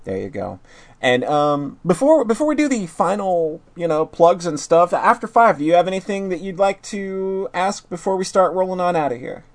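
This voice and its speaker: A man's voice: sits high, expressive, moderate pace. A man hosting a podcast in casual chat, laughing easily and stammering over his words. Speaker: podcast host.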